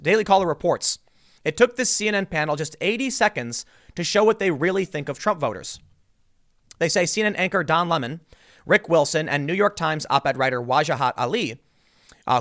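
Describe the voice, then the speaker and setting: A man's voice: a little high, fairly bright tone. A man hosting political commentary, talking casually and mocking his targets with sarcasm.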